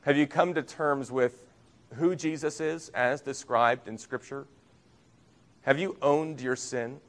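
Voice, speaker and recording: A man preaching a sermon as a pastor, earnest, rising for emphasis and dropping to soft, low phrases. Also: slow.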